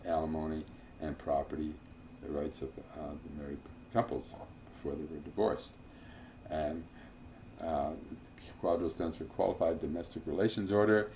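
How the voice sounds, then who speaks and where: A man teaching a financial planning class in a relaxed lecture style, with frequent fillers, restarts and offhand asides. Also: extremely low pitch, normal speed, slight background noise. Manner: informal, digressive, with many fillers and asides.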